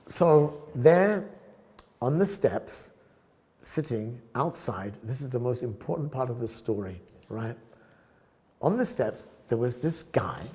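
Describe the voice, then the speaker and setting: A man in his sixties from South Africa, a podcast guest telling stories in a lively way, often checking in with "right?" and laughing as he goes. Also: mid-range voice, slow. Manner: animated, tags sentences with "right?". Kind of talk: storytelling in an interview.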